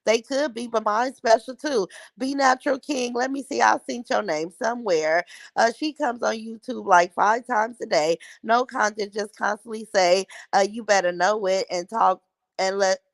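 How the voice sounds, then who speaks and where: A middle-aged woman hosts a livestream, chatting casually, reacting to live viewer comments and trash-talking with blunt mockery. Her voice is a little high and gravelly at a moderate pace, on a dry recording.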